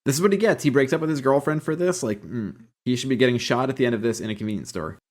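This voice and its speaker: A man's voice: medium pitch, lively intonation, fast talker, darkish tone. A man co-hosting a podcast, bantering loosely and swearing as he jokes about a show. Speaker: podcast co-host. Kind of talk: casual chat.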